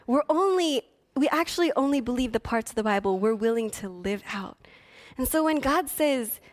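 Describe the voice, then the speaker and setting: A young adult woman preaching a sermon as a youth pastor, swinging between loud emphatic lines and hushed near-whispers. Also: a little high.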